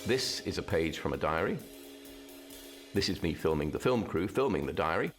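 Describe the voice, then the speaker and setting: A man narrating a documentary in a low voice that rises and falls freely, his delivery wry and dry. Faint music runs behind him. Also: animated, moderate pace. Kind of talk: scripted narration.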